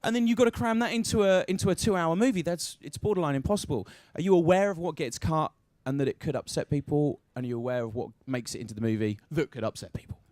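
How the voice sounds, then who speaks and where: A man's voice: a little high, fast talker, few pauses, darkish tone, no room sound. A man interviewing guests in a playful, teasing way, firing off jokey questions. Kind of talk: playful press junket interview.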